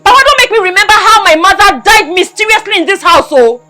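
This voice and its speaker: An actress playing a defiant Nigerian daughter who talks back hard, her voice high and bright with wide swings. She taunts and refuses to give ground. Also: animated, fast, faint music behind, full character voice. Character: defiant young woman Rita, daughter. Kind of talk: film drama acting.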